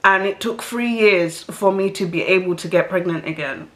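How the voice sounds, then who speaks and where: Young woman vlogger, conversational and rambling, slightly congested, mid-pitched. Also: normal speed, a bit bright. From South London. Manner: chatty, rambling with fillers and self-aware asides. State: stuffy nose from hay fever. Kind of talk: casual storytelling to camera.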